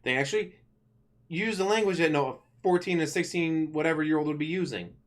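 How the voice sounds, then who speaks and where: A man's voice: a little high, brisk. Rambling man ranting casually. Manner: rambling, self-correcting, blunt with profanity. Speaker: channel host. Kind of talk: casual rant to camera.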